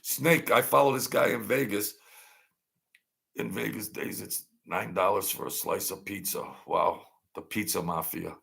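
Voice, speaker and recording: A middle-aged man rants slowly through a late-night monologue, circling back on the same phrases with a scoffing edge. His low voice is gravelly and husky, with frequent dips into fry. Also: steady tone, a bit bright. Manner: rambling, repeats phrases, mocking. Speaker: channel host.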